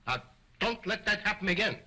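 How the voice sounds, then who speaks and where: A man's voice: high-pitched, expressive, fairly quick, bright, forceful tone, breathy edge, full character voice, low-quality recording. An actor playing a stern, domineering stage ventriloquist who scolds his dummy, in early talkie style. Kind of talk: 1920s early talkie acting. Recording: old film soundtrack.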